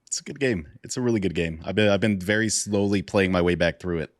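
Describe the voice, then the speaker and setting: A man's voice: low voice, fast talker, no echo, clean studio sound. A man co-hosting a podcast, asking questions in an easygoing, casual way. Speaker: podcast co-host. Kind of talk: casual chat.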